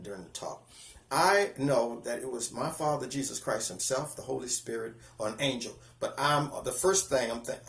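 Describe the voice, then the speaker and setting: A man in his fifties sharing a personal spiritual testimony, earnest and halting, often restarting his sentences and close to tears. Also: mid-range voice, roomy sound. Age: 50s. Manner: earnest, halting, with repeated false starts.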